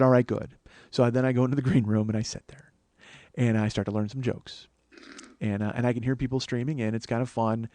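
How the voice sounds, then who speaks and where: In a dry recording, a mid-range male voice belongs to a comedian and podcast host in his forties. His casual monologue is an animated, profane and exasperated retelling of a comic story.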